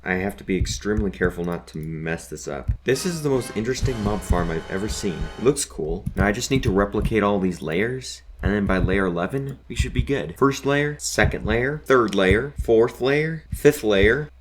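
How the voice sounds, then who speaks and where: A man's voice: lowish voice, background noise. A young man giving jokey, self-mocking commentary on his own gameplay, talking straight to the viewer. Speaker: gaming YouTuber.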